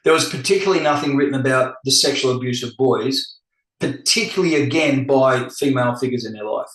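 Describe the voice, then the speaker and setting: A middle-aged man talking candidly as a podcast guest, animated and acting out the voices he quotes. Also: medium pitch, brisk. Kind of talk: casual podcast conversation. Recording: echoey room.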